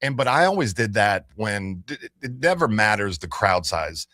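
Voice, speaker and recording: A man's voice: on the low side, big pitch swings, moderate pace, bright, forceful tone, no room sound, studio quality. A man hosting a morning radio talk show, chatting casually and rambling a little, with plenty of self-corrections. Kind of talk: casual on-air chat. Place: radio studio. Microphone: studio microphone.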